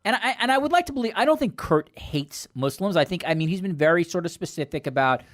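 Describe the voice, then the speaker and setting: A man's voice: high voice, animated, fast talker, no echo. Man hosting radio, dry close sound. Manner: rambling, hedging questions full of restarts. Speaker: radio host. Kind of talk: conversational radio interview. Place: radio studio.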